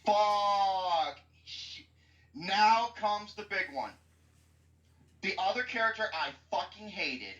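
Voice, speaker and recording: Excitable foul-mouthed young woman, roomy distant sound. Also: mid-range voice, slow, pauses often. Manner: excitable, profane, animated ranting. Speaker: podcast co-host. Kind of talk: casual movie chat. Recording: dull, roomy, distant mic.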